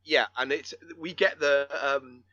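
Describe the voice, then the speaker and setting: A man's voice: medium pitch, measured pace, dull audio, crowd noise. A man co-hosting a film podcast, talking casually with lots of restarts and casual swearing. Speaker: podcast co-host.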